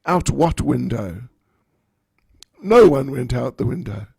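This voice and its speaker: A man voicing a bold, quick-witted young woman who talks arrogantly and cheekily. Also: mid-range voice, lively intonation, gravelly, husky, no echo, heavily acted. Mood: brash. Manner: loud, brash and cheeky.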